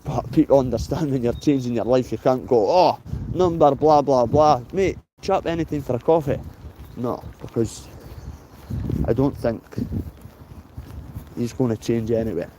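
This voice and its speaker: A man's voice: medium pitch, moderate pace, long pauses, background noise. A Scottish man in his late thirties with a Dundee accent, vlogging while he walks outdoors in the rain. He talks bluntly, swears freely and says "mate" at the end of almost every phrase. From Scotland. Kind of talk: casual walking vlog.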